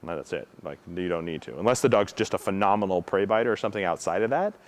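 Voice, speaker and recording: A man with a fairly low voice teaches protection dog training to students. He talks casually and keeps checking in with a quick "right?", now and then acting out how the dogs react. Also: expressive. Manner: frequent tag question "right?"; acts out dog reactions with his own voice.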